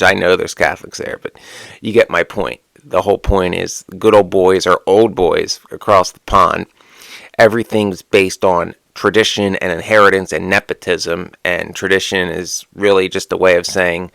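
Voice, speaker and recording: A man's voice: low voice, creaky, pushed and bright, no room sound. A man talking casually to camera, musing aloud with rhetorical questions and sardonic asides. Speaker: witchcraft content creator.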